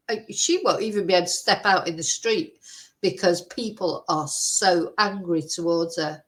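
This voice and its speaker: A woman's voice: lowish voice, normal speed, poor audio. A woman vlogger giving heated, indignant commentary, exclaiming in outrage. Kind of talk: angry ranting commentary.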